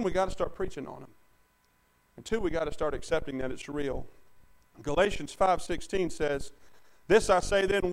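High-voiced preacher, fervent. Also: male voice, poor audio. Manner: fervent preaching with call-and-response, swinging between loud and quiet. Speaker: pastor. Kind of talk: sermon.

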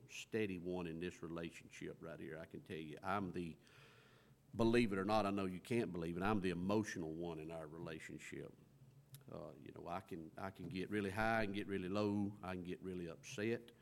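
A middle-aged man with a fairly low-pitched voice preaches a conversational sermon, folksy and full of stories, and acts out the lines he quotes from scripture.

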